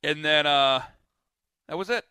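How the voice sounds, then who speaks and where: A married man co-hosting a podcast, telling a rambling story and quoting people in animated bits. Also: a little high, unhurried, clear, resonant tone, no room sound. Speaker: podcast co-host. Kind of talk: casual banter.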